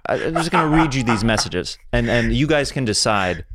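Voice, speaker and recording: A man hosting a casual podcast from a garage studio, telling a story in an animated way and laughing often. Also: mid-range voice, fairly quick, noisy background. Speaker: podcast host.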